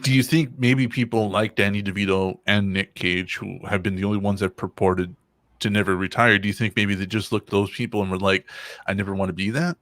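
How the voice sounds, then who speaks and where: A man co-hosting a casual podcast, joking around in an animated, profane way. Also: on the low side, brisk, no echo. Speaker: podcast co-host. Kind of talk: casual chat.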